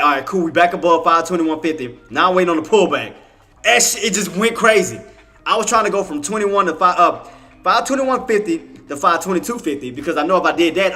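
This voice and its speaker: Man, higher-pitched and bright, live trading streamer; frustrated, slangy, repetitive, soft music bed. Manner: frustrated, repetitive, casual slang, cursing under breath. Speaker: day trading livestream host.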